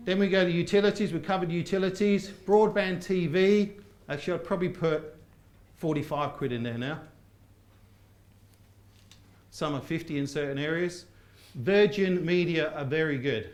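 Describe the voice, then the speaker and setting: A man's voice: a little high, moderate pace, darkish tone. A man teaching a live property seminar, quizzing his audience in call-and-response. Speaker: property course trainer. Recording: roomy seminar hall sound.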